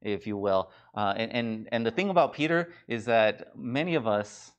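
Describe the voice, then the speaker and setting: A man preaching a sermon as pastor, in a conversational, animated way with many restarts and fillers. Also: medium pitch, normal speed. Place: church.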